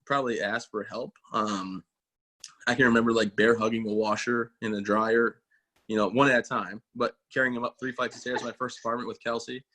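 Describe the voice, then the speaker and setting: A man's voice: mid-range voice, fairly even intonation, brisk, sharp tone. A man in his thirties, an army veteran, telling stories in a casual interview, folksy and self-mocking, acting out quoted voices. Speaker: guest, army veteran and motivational speaker.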